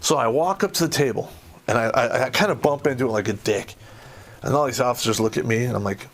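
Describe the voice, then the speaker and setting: Middle-aged us guy, cussing up a storm telling an army story, blunt, gets loud acting it out. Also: medium pitch, quick pace. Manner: blunt, swearing, animated when reenacting. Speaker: podcast host. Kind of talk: profane storytelling.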